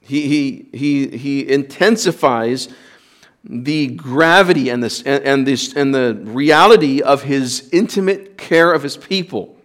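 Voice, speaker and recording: Male pastor mid-sermon: earnest and emphatic, speaks slowly with a mid-range voice. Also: medium pitch. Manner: earnest, emphatic preaching with repetitions and restarts.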